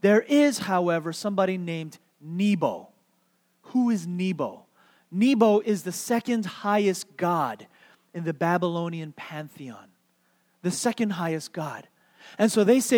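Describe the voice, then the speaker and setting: A man's voice: high-pitched, expressive, measured pace, a little mellow, big-room sound. A man preaching a sermon, telling a story with playful questions to the congregation and repeating key words for emphasis. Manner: playful, asks the audience questions. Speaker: pastor.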